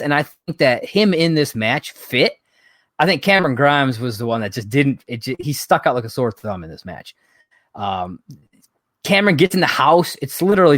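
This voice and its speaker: A man co-hosting a casual podcast, telling the story with plenty of swearing and exasperation. His voice sits at an ordinary middle pitch. The recording is dry and close, with little sense of the room. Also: a bit bright, no echo. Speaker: podcast co-host. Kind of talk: casual wrestling recap chat.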